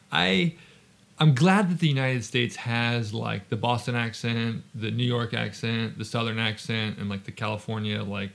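A man's voice: mid-range voice, steady tone, a little slow, vocal fry. A man hosting a podcast interview, chatty and teasing, with lots of "like" fillers. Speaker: podcast host. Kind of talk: casual interview chat.

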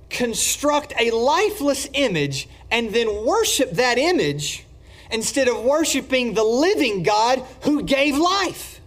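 A man preaching a sermon emphatically, swinging between loud declarations and hushed lines. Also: high voice.

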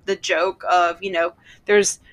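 A woman co-hosting a podcast in casual chat, telling jokes and acting out quick voices. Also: fairly low pitch, little pitch movement, fairly bright tone. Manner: storytelling, acts out voices in jokes. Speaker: podcast co-host.

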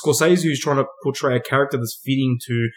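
Fast-talking man, sweary. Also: medium pitch, fairly even intonation. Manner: sweary, rambling storytelling. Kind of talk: casual film discussion.

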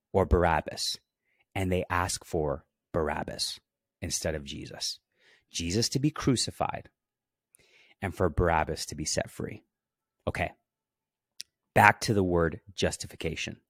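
Deep-voiced man teaching scripture. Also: measured pace, long pauses, fairly bright tone, dry recording, clean studio sound. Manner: emphatic, stops to stress key words and urges listeners to pay attention. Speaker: podcast host and Bible teacher. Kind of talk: Bible teaching podcast, reading scripture aloud.

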